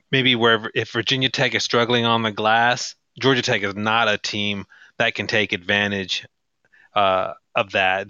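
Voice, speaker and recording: A man's voice: on the low side, bright, forceful tone, clear, resonant tone, no room sound, muffled recording. A man co-hosting a sports podcast, giving blunt, critical opinions in casual talk. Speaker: podcast co-host.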